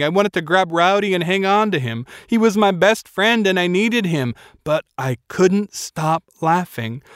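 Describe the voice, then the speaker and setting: A man narrating a novel in a measured, quiet storytelling manner. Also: high-pitched, clear, resonant tone, dry recording, studio quality. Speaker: audiobook narrator. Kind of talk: scripted narration.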